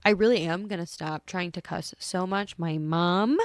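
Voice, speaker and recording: A woman's voice: on the low side, normal speed, dry recording. A young woman hosting a casual solo podcast, sleepy and yawning, chatting affectionately and rambling with self-corrections. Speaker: podcast host.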